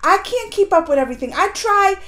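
A woman's voice: very high voice, lively intonation, fairly quick, fairly bright tone. A woman hosting a fan reaction video, gushing and giddy, laughing often and talking straight to her viewers. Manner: playful, talks straight to viewers. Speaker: reaction vlogger.

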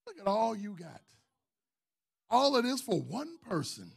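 A man preaching in church, his voice gravelly and husky with a lot of fry. He swings high and lively, building into shouted runs and calling members of the congregation forward. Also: a little slow, pauses often. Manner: preaching with rising, shouting emphasis and calls to the congregation. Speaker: pastor. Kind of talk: sermon.

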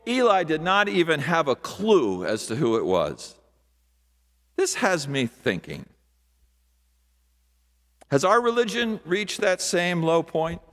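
A man preaching a sermon as pastor, slow and deliberate, with dramatic pauses and hushed asides. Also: sits high. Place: large church sanctuary. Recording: long hall reverb.

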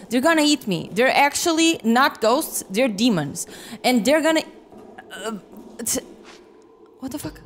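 A woman's voice: high voice, a little hiss or hum. A woman in her twenties commentating a horror game as she plays, reacting with exclamations and swearing. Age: 20s. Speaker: gaming video creator. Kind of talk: let's play commentary. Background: game music.

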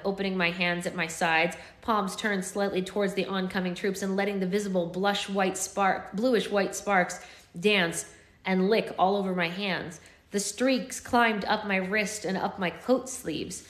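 A woman's voice: mid-range voice, a bit bright. A woman hosting a live book club, reading a novel aloud and chatting casually with her viewers. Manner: casual, chatty between chapters. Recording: echoey room.

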